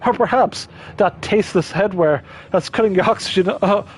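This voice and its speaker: A man's voice: sits high, moderate pace, slightly rough. A man voicing a laid-back male surfer-dude freedom fighter who throws out drawling, scornful retorts.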